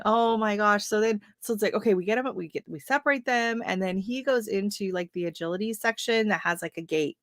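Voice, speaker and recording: A chatty woman in her thirties, from Canada, rambles through a story on a home livestream. She fills her talk with "like" and "um" and laughs often. Her voice sits at a middle pitch, and the webcam sound is dry and close with no room echo. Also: brisk, few pauses, a bit bright. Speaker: gardening channel host. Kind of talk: casual livestream chat.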